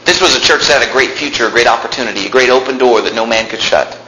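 Pastor, male, fervent and emphatic; forceful tone, roomy church echo. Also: mid-range voice, fast talker, a little hiss or hum. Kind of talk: sermon. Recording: echoey room.

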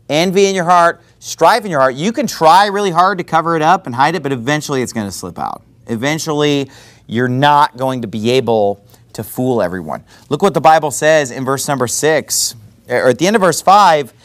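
A man preaching a sermon in a conversational way, with quick asides and self-corrections. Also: a little high. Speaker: pastor.

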